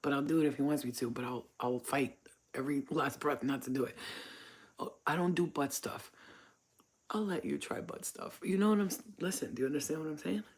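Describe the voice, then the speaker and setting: A woman's voice: sits low, fairly quick, darkish tone, slightly rough. A woman hosting her own channel, telling frank, profane stories in a casual monologue. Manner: blunt, profane, frank storytelling. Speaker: channel host.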